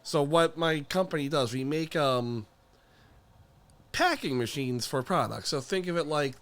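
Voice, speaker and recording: A man's voice: fairly high pitch, expressive, measured pace, a bit bright. A man chatting casually on a stream, rambling with plenty of fillers. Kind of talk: casual chat.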